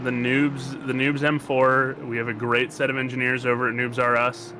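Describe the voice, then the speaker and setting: A man's voice: medium pitch, completely flat delivery. A man with an American accent giving casual, joking commentary on a sim race. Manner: jokey, rambling, quick to banter. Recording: noisy stream audio.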